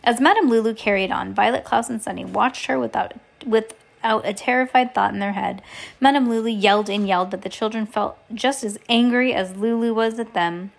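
A woman's voice: a little high, a little fast, vocal fry. A woman casually reading a novel aloud, often stumbling over words and giggling at the text. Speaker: reader.

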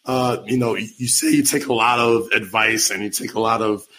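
A man hosting an interview, asking relaxed, slangy questions in casual chat. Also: lowish voice, a little fast, low-quality recording. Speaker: interview host.

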